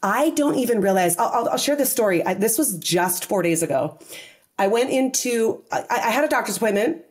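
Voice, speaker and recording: Brief: woman, 40s, talk-show guest, expressive storyteller, bouncy and higher-pitched delivery. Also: fairly quick, breathy edge. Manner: animated storyteller, acts out quoted dialogue, frequent restarts. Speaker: podcast guest, wellness teacher. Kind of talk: casual interview chat.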